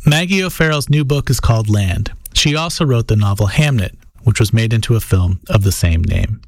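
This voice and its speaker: A man hosting a radio interview, asking questions and reading introductions in a measured, conversational way. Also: on the low side.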